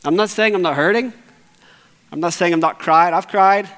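A man with a notably high voice preaches to his congregation from the pulpit. His delivery is earnest, dropping to hushed quiet moments and climbing back to urgent emphasis. The sound rings with a long reverb from the church sanctuary. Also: normal speed. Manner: earnest, swings from hushed and low to raised and urgent. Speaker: pastor. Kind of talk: sermon.

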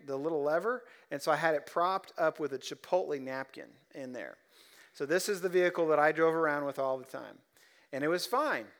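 A male preacher with a fairly high voice delivers a sermon from the pulpit. He tells personal stories, dropping soft and low one moment and rising loud and emphatic the next. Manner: storytelling, swings from soft to loud. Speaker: pastor.

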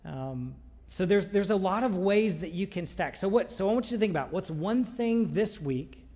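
A man's voice: high voice, lively intonation, moderate pace, warm tone. A man preaching a sermon in a conversational, earnest way, with frequent restarts. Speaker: pastor. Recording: long reverb of a large hall.

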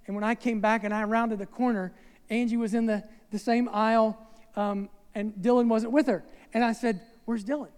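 A man's voice: high voice, flat delivery, moderate pace, darkish tone, smooth. A man preaching a sermon in a conversational way, with asides and rhetorical questions to the congregation. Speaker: pastor. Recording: long reverb of a large hall.

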